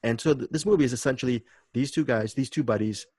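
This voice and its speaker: A man's voice: medium pitch, fast, darkish tone, slightly rough, no echo. Enthusiastic man hosting, dry sound. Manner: enthusiastic, repeats words while thinking. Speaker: podcast host. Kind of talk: casual chat.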